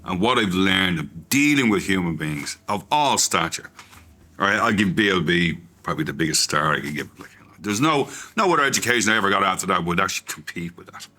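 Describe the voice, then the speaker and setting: A man's voice: sits low, expressive, fairly quick, pushed and bright. A man, a former radio presenter, reminiscing in an interview in an emphatic, forthright and opinionated way.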